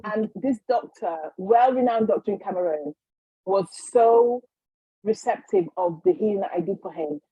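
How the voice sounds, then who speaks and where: Husky woman telling a lively story. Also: mid-range voice, moderate pace, no room sound, narrow, tinny audio. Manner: animated, acts out quotes, frequent restarts. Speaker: guest, healer. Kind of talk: casual storytelling.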